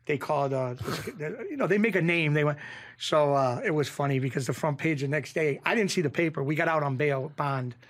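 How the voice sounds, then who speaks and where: A middle-aged man, a podcast guest telling rough street stories in a casual, animated way that keeps circling back on itself. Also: fairly high pitch, brisk. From Springfield, Massachusetts. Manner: animated storyteller, rough street talk, repeats himself. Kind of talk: casual storytelling.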